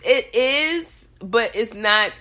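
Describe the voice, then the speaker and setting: A woman's voice: on the high side, expressive, extremely slow, pushed and bright. A woman in her forties co-hosting a casual commentary chat, talking expressively and reflectively, often restarting her sentences. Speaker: podcast co-host.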